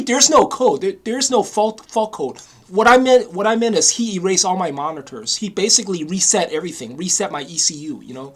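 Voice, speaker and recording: A man's voice: sits high, a bit bright. A man ranting angrily in a casual monologue, swearing often and repeating himself with frequent "you know?" asides. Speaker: vlogger.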